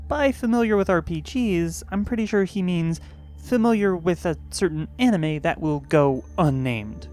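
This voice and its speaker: A woman's voice: lowish voice, expressive, moderate pace, darkish tone. A woman narrating a tabletop gaming story with wry, sarcastic asides.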